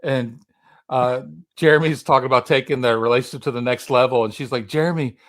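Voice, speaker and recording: A man's voice: mid-range voice, little pitch movement, a little fast, a bit bright. A man hosting a casual movie podcast, retelling scenes and acting out quotes. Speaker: podcast host. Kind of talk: casual chat.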